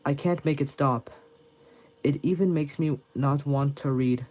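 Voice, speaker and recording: A man's voice: fairly high pitch, unhurried, darkish tone. Man reading as a flustered shy bookish girl. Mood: breathless. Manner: reads game dialogue aloud, hesitant.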